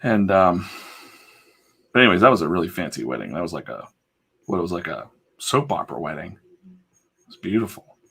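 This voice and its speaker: Here the comic-drawing livestreamer has a deep, gravelly, husky voice with a fairly bright tone. He talks fairly quickly in a sing-song manner, broken by long pauses. His story rambles casually, chatty and digressive, full of fillers and asides.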